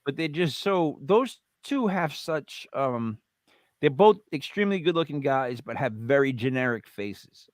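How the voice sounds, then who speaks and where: Animated, playful man co-hosting a live show. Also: mid-range voice, a little slow, no echo, clean studio sound. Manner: playful, jokey, rattles off names with emphatic bursts. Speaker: podcast co-host. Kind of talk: casual live-stream banter.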